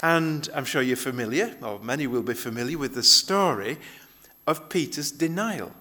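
A man's voice: mid-range voice, animated, moderate pace, pushed and bright. A male pastor giving a conversational sermon, often restarting his phrases as he explains a Bible passage.

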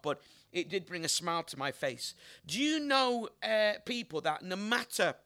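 High, bright-voiced male evangelist. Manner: emphatic, asks the audience rhetorical questions. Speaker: evangelist preacher. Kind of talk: sermon.

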